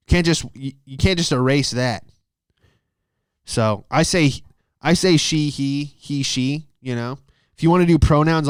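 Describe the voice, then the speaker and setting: A male comedian riffs loosely and swears freely, wandering off topic and then circling back. His voice is smooth and clear. It sits close to a mic in a dry room. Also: mid-range voice, no room sound. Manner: rambling, profane, loses his train of thought. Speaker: stand-up comedian and podcast host. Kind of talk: casual comedic monologue.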